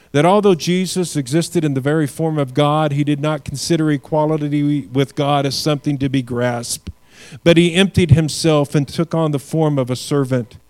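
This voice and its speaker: A man preaches a sermon at a mid pitch. He reads scripture aloud and presses his points with rising, emphatic force, then drops back to a quieter tone. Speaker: pastor.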